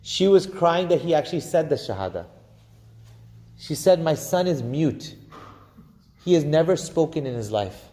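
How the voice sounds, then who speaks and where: A man giving a Friday sermon, preaching with passion, slowing and swelling for emphasis and chanting Arabic phrases. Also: fairly high pitch, very animated, dark tone. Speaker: imam giving Friday khutbah. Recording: long hall reverb.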